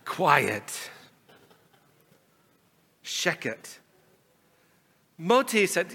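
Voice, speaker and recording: A man, a rabbi, telling a folk story in a sermon, animated and raising his voice for quarrelling characters. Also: on the high side, a little slow. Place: large synagogue sanctuary. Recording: long hall reverb.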